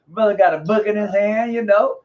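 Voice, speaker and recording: A man hosting a casual live online interview, talking in an animated, slangy way and often repeating himself. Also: high-pitched, normal speed. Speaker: host. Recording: dull lo-fi audio.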